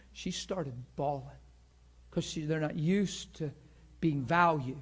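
A man's voice: a little high, unhurried, slightly rough. A middle-aged male pastor telling a story in a sermon, acting out the voices of the people in it with strong feeling. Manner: emotional, acts out both sides of a story.

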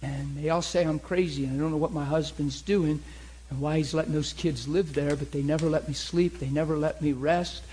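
A middle-aged man delivers a sermon as a story, his voice slightly husky and pitched a little high. He acts out each side of the conversations with animation. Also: brisk, low-quality recording. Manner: animated, acts out both sides of dialogue. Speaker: preacher.

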